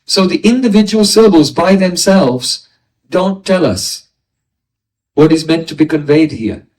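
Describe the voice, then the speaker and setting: A high-pitched man with an animated, darkish voice, a spiritual teacher, gives an unhurried philosophy lecture, patiently explaining each point and posing rhetorical questions to his listeners. He sounds distant, recorded well away from the microphone.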